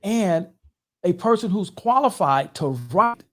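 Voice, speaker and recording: A man, a pastor, hosting an interview and asking measured questions, often repeating his words. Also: high-pitched, expressive, a bit bright, soft background music. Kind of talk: interviewing a guest.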